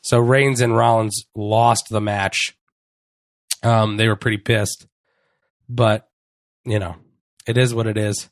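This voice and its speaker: A man's voice: lowish voice, flat delivery, no echo. A man co-hosting a podcast, recapping wrestling in a casual, profane, rambling chat. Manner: profane, rambling, with quick impressions. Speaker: podcast co-host.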